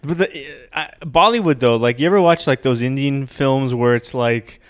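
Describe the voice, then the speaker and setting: Laid-back, chuckling man with a smooth voice. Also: medium pitch, moderate pace. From United States. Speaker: podcast co-host. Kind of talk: casual comedic banter.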